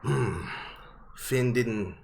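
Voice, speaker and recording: A man voicing a young male dragon in a tabletop game, speaking slowly and deliberately. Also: gravelly, a little mellow, a little hiss or hum. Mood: musing. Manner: slow, low and deliberate.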